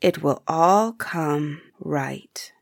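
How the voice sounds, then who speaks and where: Woman doing a gentle talking heifer. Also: deep voice, expressive, slow, no echo, studio quality. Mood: soothing.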